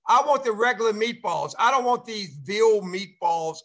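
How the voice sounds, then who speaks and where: An older man chatting over a video call in a high, bright voice. He rambles, stacking filler sounds as he talks. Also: animated, moderate pace. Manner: rambling, heavy on repeated fillers. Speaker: show host and former player. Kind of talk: casual video-call chat.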